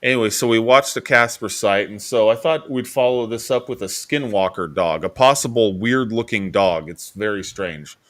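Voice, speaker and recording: Guy hosting a chat podcast, lowish voice, rambly storytelling, keeps correcting himself. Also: normal speed, few pauses, no echo. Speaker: podcast host.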